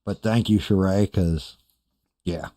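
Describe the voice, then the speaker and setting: Older male streamer host, deep mellow voice, crude and self-mocking, off-the-cuff chat. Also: slow, no room sound. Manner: profane, rambling, self-deprecating. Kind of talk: casual chat reading live chat.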